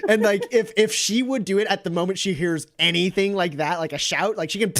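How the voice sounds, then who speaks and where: A man's voice: high-pitched, a little fast, a bit bright. A man narrating a tabletop role-playing game as game master, rambling through scenes with many fillers.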